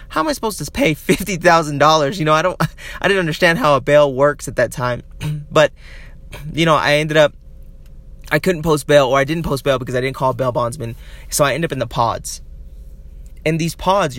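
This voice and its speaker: A man telling a long personal story in a casual, rambling way, with many "you know"s, chuckles and throat-clearing. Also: mid-range voice, fairly bright tone. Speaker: guest recounting his experience.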